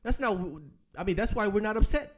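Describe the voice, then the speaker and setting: A man's voice: high-pitched, a little fast. A man hosting a political commentary channel, reacting to clips in a blunt, emphatic way.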